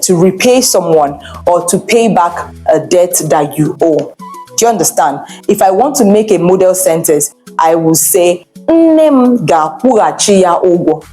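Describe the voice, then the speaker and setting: A woman's voice: on the low side, warm tone. A woman teaching children, telling a bilingual story with chatty, encouraging asides.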